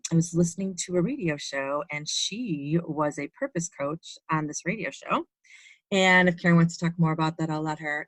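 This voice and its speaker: A woman's voice: on the low side, a bit bright, dry recording. A woman hosting a podcast interview, talking earnestly and emotionally with many restarts. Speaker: podcast host. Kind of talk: casual interview.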